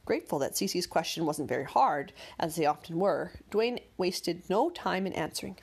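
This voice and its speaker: A woman narrating a bedtime story in a calm, gentle, measured way. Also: lowish voice, breathy edge.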